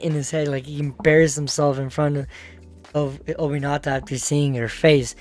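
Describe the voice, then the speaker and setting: A man telling a manga story off the cuff, rambling and slangy, chuckling as he goes. His voice sits a little high for a man, and faint music plays underneath. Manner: rambling, casual, laughs often, slangy. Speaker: manga recap host. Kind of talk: casual manga recap narration.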